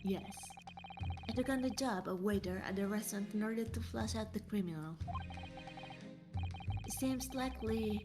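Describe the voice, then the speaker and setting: A woman's voice: mid-range voice, moderate pace, long pauses, over music, natural voice. A woman voicing an earnest male police inspector explaining an undercover job, reading plainly with small slips.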